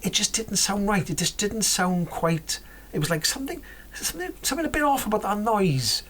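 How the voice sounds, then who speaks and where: A car vlogger chats casually about cars in her medium-pitched, sing-song voice, talking a little fast with a fairly bright tone. She rambles, often corrects herself, and slips into whispered asides, with slight background noise behind her.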